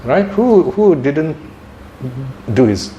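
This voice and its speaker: A man's voice: on the high side, very animated, takes it slowly, warm tone, echoey room, lo-fi sound, slight background noise, voice pushed up. A man voicing a young heavenly being, a dead son who scolds his father with pointed questions. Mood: scolding.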